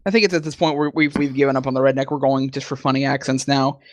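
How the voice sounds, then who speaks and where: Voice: medium pitch, steady tone, fast. Sarcastic, cursing horror story reader. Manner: profane, sarcastic, stumbles over the text. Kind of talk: reading a horror story aloud with joking commentary.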